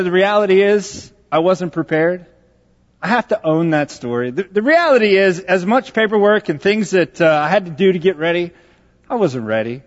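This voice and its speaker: A man with a high, light voice delivers a conversational sermon full of self-mocking jokes. He is from Texas and speaks like a pastor telling a story to his congregation. The sound is a little dull and rings with a long hall echo. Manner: conversational and joking, with self-deprecating asides.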